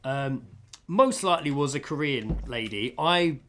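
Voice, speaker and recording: Animated man telling a story. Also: medium pitch, unhurried, a little hiss or hum. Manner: animated storyteller, acts out dialogue. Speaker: podcast co-host. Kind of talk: casual chat, anecdote.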